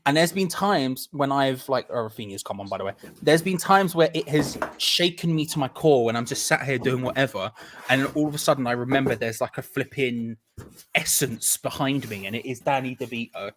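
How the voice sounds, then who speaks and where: A man's voice: medium pitch, a little fast, fairly bright tone. Joking man on a noisy stream. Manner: joking, playful, talks over others. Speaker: watch-along host. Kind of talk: casual chat.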